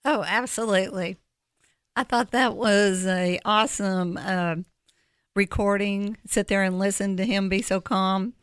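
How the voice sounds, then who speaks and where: A woman's voice: medium pitch, fairly even intonation, unhurried, clear, resonant tone, no room sound, clean studio sound. A woman co-hosting a radio talk show, agreeable and chatty.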